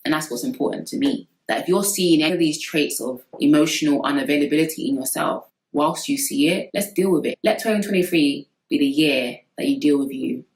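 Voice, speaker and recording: Low-voiced woman vlogging advice, blunt and sisterly, kinda echoey room. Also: fairly quick, few pauses. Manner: direct, sisterly, emphatic, addresses viewers as sis. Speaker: vlogger giving relationship advice. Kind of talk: candid talking-to-camera advice.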